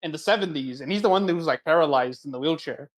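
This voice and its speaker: Young male co-host, somewhat high voice, laid-back storyteller. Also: quick pace. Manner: laid-back storyteller, drawls out asides like "right?". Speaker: podcast co-host. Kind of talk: casual chat.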